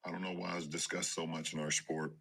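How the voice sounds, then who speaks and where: A man talking casually on a podcast, halting and often restarting his sentences. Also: extremely low pitch, flat delivery, gravelly, a bit bright, slightly rough.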